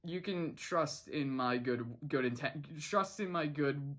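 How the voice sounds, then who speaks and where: Giggly vlogger rambling through a cartoon recap, lots of um and like, voice shoots up high when something's funny. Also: takes it slowly, fairly bright tone. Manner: rambling, many restarts and fillers; laughs often, jumps to high pitch when amused. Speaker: cartoon episode reviewer. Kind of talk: casual unscripted review vlog.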